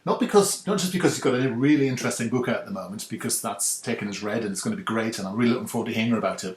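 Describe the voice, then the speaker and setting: A man hosting a podcast interview, chatty and friendly, often restarting his sentences. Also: mid-range voice. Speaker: podcast host. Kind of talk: casual interview chat. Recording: roomy echo.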